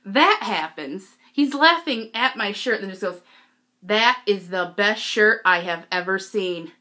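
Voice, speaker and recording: Teen girl vlogger, bright voice, unhurried, giggly and gushing. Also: medium pitch. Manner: giggly, excitable, peppered with "like". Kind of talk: casual storytelling vlog.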